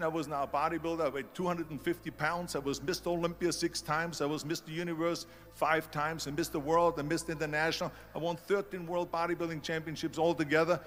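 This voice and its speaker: A man's voice: a little high, a bit bright. Emphatic man with a German accent. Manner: emphatic, repeats key phrases for effect. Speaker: public speaker. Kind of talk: motivational speech.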